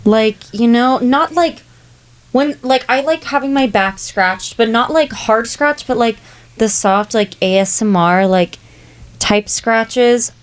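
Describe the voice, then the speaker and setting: A woman's voice: on the high side, expressive, slow pace, clear, resonant tone. A young woman co-hosting a podcast in casual chat, slangy and enthusiastic. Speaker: podcast co-host.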